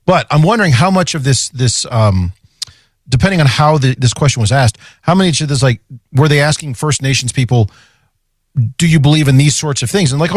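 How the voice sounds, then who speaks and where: Male podcast co-host, lively pitch, dry close mic, chatty and wry. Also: a little fast, no echo. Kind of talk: casual chat.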